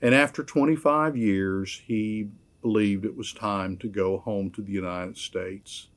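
A man preaching a sermon, measured and emphatic, repeating key phrases. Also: on the low side. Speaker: pastor.

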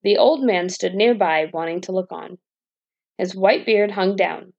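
A woman reading a fairy tale aloud as a bedtime story, in a calm, even storytelling manner. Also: medium pitch, unhurried, gravelly, dull audio.

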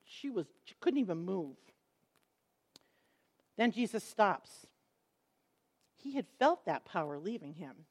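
A woman's voice: on the low side, slow pace, pauses often. A middle-aged woman teaching a Bible lesson, telling the stories expressively and acting out the quotes. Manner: expressive storytelling, acts out quotes.

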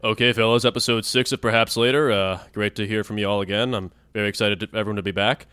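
Joking low-voiced young man on a podcast. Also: steady tone, fast, pushed and bright, clean tone, no room sound. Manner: joking, puts on a rumbly deep voice for laughs. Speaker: podcast co-host. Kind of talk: casual banter.

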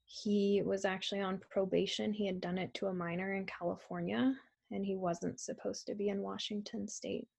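A young woman telling a personal story in a halting, soft-spoken way, with frequent pauses and ums. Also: mid-range voice, flat delivery, creaky, breathy edge. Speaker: survivor telling her story. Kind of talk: personal testimony.

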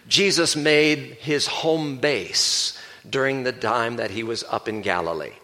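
A male pastor giving a sermon, explaining a Bible passage in a measured, teaching manner. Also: mid-range voice, pushed and bright.

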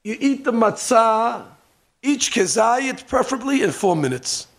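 Animated, gravelly rabbi teaching a lesson. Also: male voice, very high-pitched, a little slow. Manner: animated, humorous, sprinkles Hebrew terms. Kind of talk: demonstration lesson on ritual practice. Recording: archival lesson recording.

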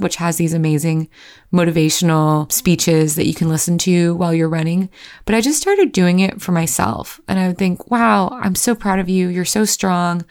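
A woman's voice: lowish voice, gravelly, darkish tone. A woman in her thirties telling a candid, self-deprecating personal story to camera, sometimes acting out her own inner voice. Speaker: vlogger.

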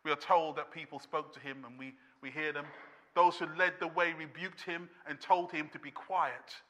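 A man preaching a sermon as pastor, impassioned and building to shouts with repeated refrains. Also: on the high side, fairly even intonation, normal speed. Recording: long reverb of a church hall.

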